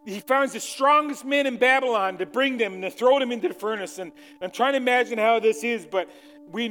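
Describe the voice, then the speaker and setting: Guy preaching, high voice, goes big then real soft, faint music behind. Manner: storytelling, swings from loud fervor to soft pleading. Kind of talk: sermon.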